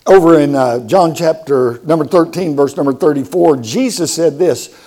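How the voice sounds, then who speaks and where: A man's voice: fairly high pitch, moderate pace, warm tone. A man preaching a sermon, emphatic and repeating words for stress, asking the congregation questions.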